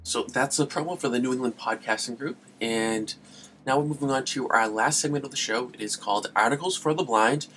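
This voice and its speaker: A man's voice: medium pitch, fairly quick, fairly bright tone, a little hiss or hum. A man hosting a gaming podcast in a casual, rambling way who gets sidetracked and laughs at himself. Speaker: podcast host.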